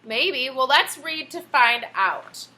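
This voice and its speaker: Patient teacher lady on a video call, high bright voice, slow and clear. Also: expressive. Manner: patient, encouraging, asks questions. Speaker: elementary school teacher. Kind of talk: online class read-aloud.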